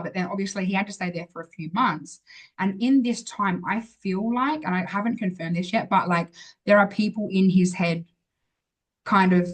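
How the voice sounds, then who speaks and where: A woman's voice: mid-range voice, moderate pace, low-quality recording. A woman, an interview guest, telling a personal story in a chatty way, full of fillers and acted-out dialogue.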